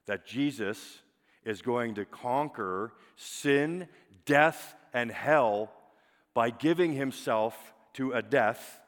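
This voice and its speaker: A man preaching a sermon as pastor, emphatic, often dropping to a soft, drawn-out single word for weight. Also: medium pitch. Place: church sanctuary. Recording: long hall reverb.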